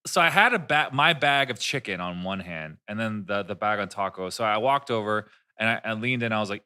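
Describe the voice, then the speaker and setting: Lively, bright-voiced man telling stories. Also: fairly low pitch, fairly quick, few pauses, clear, resonant tone. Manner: rambling, profane, full of restarts. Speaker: podcast host. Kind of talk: casual storytelling chat.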